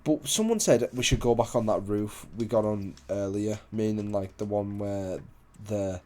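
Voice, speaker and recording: A man's voice: on the low side, normal speed, mellow. A young man casually telling a story, rambling, swearing a lot and losing his place.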